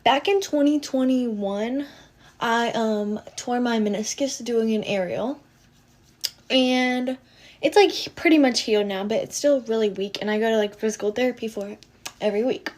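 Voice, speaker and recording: A woman's voice: fairly high pitch, normal speed, a little mellow. Young woman starting a chatty storytime. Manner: chatty, loose, with "like" and "um" fillers. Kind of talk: casual storytime while getting ready.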